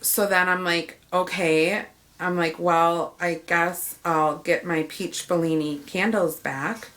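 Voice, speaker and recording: A woman's voice: lowish voice, fairly even intonation, slow, a bit bright. A woman telling a story about a frustrating shopping trip in a casual rant, acting out the dialogue by quoting herself and the clerks.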